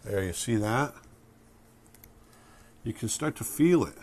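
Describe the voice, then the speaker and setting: A middle-aged man narrating a drawing tutorial, relaxed and thinking aloud as he sketches. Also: lowish voice, takes it slowly. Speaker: drawing instructor.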